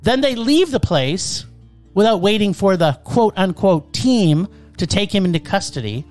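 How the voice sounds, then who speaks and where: Sarcastic man with a lively voice. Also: sits high, normal speed, faint music behind. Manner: sarcastic, scathing. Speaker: podcast film reviewer. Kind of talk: casual review chat.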